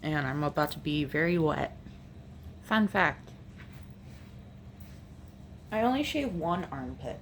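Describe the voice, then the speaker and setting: A woman's voice: sits low, sing-song, slow pace, pauses often, a little hiss or hum. A young woman with a light Appalachian accent, chatting casually and matter-of-factly in a home vlog, thinking aloud as she goes. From New Jersey, raised in North Carolina and Virginia. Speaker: makeup vlogger. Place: home room.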